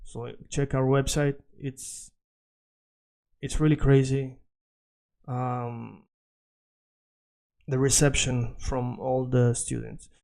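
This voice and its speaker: Patient man teaching, dark voice. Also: mid-range voice, little pitch movement, takes it slowly, creaky, pauses often. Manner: explains patiently, repeats words, checks in with "all right?". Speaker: Spanish teacher. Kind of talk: video language lesson.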